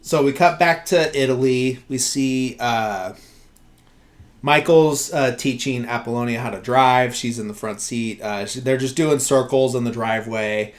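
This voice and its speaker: A man's voice: medium pitch, a little slow. A man hosting a podcast, casually recapping a film scene by scene, with lots of "uh" and "like". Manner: rambling, filler-heavy, many "like" and "uh". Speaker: podcast host.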